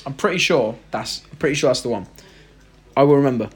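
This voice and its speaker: A man's voice: medium pitch, quick pace, breathy edge. A young man hosting a casual live stream, reading out viewer comments and joking around. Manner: chatty, reads out viewer comments, jokey.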